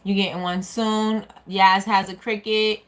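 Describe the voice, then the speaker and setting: A woman's voice: medium pitch, level tone, unhurried, fairly bright tone. A woman hosting a casual live stream, chatting and answering viewer comments as they come in. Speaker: small business owner hosting a live stream.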